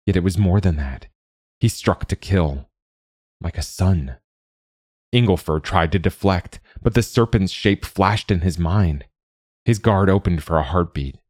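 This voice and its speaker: A man narrating a fantasy story in a steady, even reading. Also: low voice, dry recording, studio quality.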